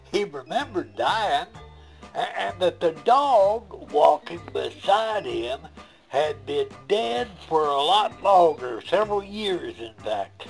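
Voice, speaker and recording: Male storyteller, folksy and chuckling, gravelly voice with very lively pitch. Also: slow pace, faint music behind.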